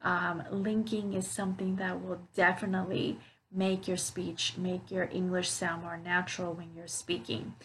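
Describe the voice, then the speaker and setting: A woman teaching an online English lesson, explaining clearly with examples, with frequent fillers like "okay, so". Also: lowish voice, flat delivery, moderate pace, slight background noise, rough recording.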